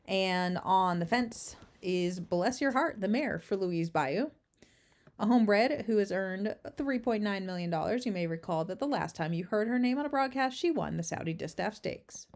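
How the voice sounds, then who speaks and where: Woman doing a chatty horse race preview on a stream, talks right to chat, no headset mic. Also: medium pitch. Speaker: race caller and host. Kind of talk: casual livestream race preview. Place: relative's house, indoors. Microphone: no headset, makeshift setup.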